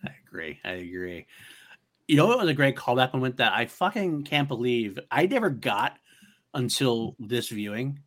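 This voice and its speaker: Podcast co-host, man, bright voice with lively pitch, eager and laughing easily. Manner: enthusiastic, quick to laugh, quotes movie lines. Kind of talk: casual podcast chat.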